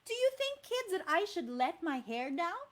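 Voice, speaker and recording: A sheltered young girl from a storybook, curious and unsure, thinking out loud and asking the kids for help, voiced by a Filipino woman. Her voice is very high and moves up and down a lot. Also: sing-song, normal speed. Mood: wondering. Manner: wondering, talks to the kids.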